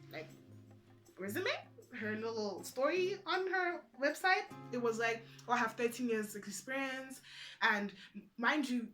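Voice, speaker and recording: A young woman vlogging, telling a personal story in a casual, animated way and acting out what others said. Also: medium pitch. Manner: animated, acts out other people's lines in quotes.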